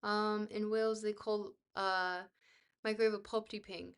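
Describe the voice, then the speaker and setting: A woman streaming a book reading to her chat. She reads haltingly, trips over long words and breaks off into chatty asides to her viewers. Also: medium pitch, little pitch movement, fairly bright tone. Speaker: livestreamer reading a book aloud.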